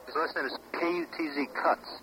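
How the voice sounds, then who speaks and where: Man, prank caller, deadpan, fairly high voice, hissy old tape. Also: fast talker. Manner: deadpan, asks for made-up names and spells them out. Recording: hissy taped phone call.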